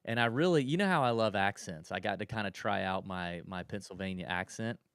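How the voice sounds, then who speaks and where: In a relaxed podcast conversation, this co-host wanders through anecdotes, frequently backing up to start over. He speaks a little fast in a lowish, fairly bright voice that is clear and resonant, captured in studio quality with no room sound.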